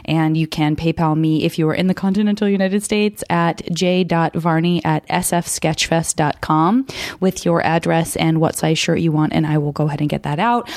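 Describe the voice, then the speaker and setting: A woman with a low voice opens her podcast in a relaxed, chatty way, full of little fillers and asides. The sound is dry and close, with no room around it. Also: dry recording. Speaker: podcast host. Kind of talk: casual podcast intro.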